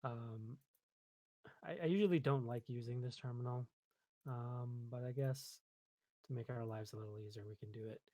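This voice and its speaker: A man's voice: mid-range voice, moderate pace, pauses often, no echo. A man casually talking through code. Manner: relaxed, chatty, thinks aloud with many ums, self-deprecating. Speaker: coding tutorial host. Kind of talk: casual screen-recorded coding walkthrough.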